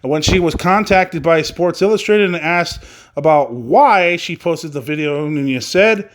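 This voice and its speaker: A man's voice: on the high side, unhurried. Rambling man hosting a wrestling podcast. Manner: rambling, loose, swears casually, many fillers. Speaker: podcast host. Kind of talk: casual wrestling news podcast.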